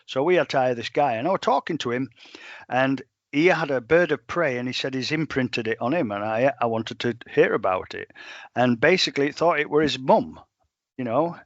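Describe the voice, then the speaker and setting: A middle-aged man, a dog trainer telling stories in a plain-spoken, animated way. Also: medium pitch, fairly quick, no room sound, dull audio. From England. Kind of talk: storytelling in a podcast interview.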